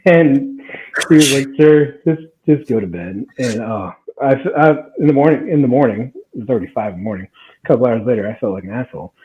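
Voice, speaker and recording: With tinny, phone-like audio, a guest on a podcast, a man in his twenties, relates a story in a casual way, laughing and performing people's quotes with lots of animation. He talks fast in a mid-range voice.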